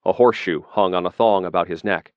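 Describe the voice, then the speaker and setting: A man narrating a fantasy audiobook in a measured, steady reading. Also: low voice, dry recording, lo-fi sound.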